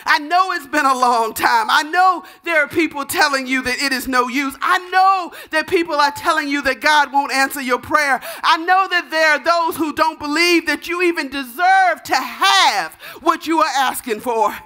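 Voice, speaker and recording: Woman preacher, high bright voice, fervent sermon with shouted calls. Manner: softer, measured teaching tone. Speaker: pastor.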